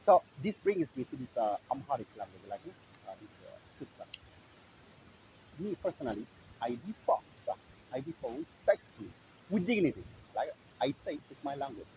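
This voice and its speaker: A man's voice: medium pitch, very animated, moderate pace, gravelly, dark tone, slight background noise, rough recording. A man from Eritrea, talking in a rambling, sarcastic monologue full of "like, you know". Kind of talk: casual monologue.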